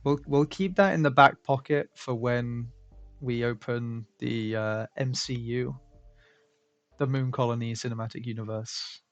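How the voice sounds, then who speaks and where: A man's voice: medium pitch, measured pace, dry recording, dull audio, soft background music. A man hosting a casual livestream, reading viewer comments aloud and laughing often. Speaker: stream host.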